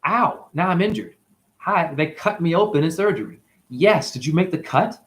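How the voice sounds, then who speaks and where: Animated man with sudden pitch jumps. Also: moderate pace. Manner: calls the listener honey, drops into whispers. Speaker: spiritual vlogger. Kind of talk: free-flowing spiritual monologue.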